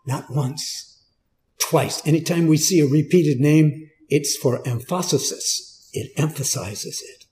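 A man's voice: fairly high pitch, lively intonation, slow pace, dark tone. A man preaching a Bible teaching in a conversational way, asking the listeners questions and stressing key words.

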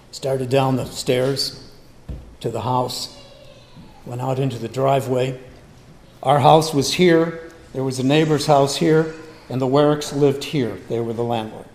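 An older man telling a personal testimony in an unhurried way, acting out remembered conversations. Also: medium pitch, a little mellow, a little hiss or hum. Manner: unhurried, acts out remembered dialogue. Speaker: storyteller. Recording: long hall reverb, faint ambience.

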